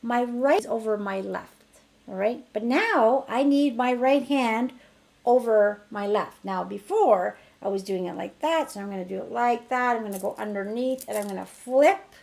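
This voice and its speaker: A middle-aged woman teaching an energy healing technique in a chatty online class, her voice rising brightly when she acts out what she tells others. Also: on the high side, moderate pace, creaky. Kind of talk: casual online teaching demonstration.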